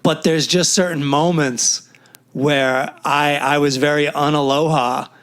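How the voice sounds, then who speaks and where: Animated storytelling man, higher voice. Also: measured pace, smooth. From New York. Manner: animated storyteller, acts out quotes, swears freely. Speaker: podcast co-host. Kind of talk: casual chat.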